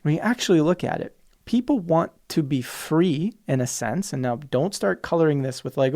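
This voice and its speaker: A man's voice: fairly high pitch, lively intonation, brisk, gravelly, darkish tone. A man hosting a podcast alone, talking passionately and emphatically, sometimes mimicking opposing views in mocking voices. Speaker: podcast host. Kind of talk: solo podcast monologue.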